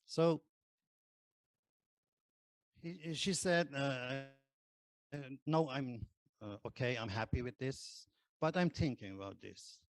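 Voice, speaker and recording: A man who is not a native English speaker, telling his conversion testimony in hesitant English full of pauses and fillers. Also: mid-range voice, no room sound. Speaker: ex-Muslim convert giving testimony. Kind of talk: personal testimony.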